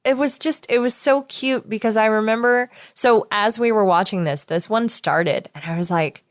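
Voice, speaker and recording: A woman's voice: fairly high pitch, moderate pace. Woman, podcast co-host, casual chat, rambling, easygoing, laughs along. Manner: chatty, rambling with many "like" fillers, laughs.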